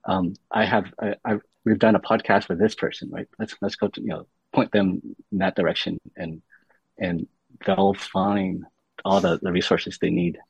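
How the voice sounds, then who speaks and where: A man's voice: deep voice, steady tone, normal speed, vocal fry, breathy edge, dry recording. A man speaking as a guest on a podcast, explaining things patiently with many restarts, on a dull lo-fi recording. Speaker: podcast guest, university senior fellow. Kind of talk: casual interview talk.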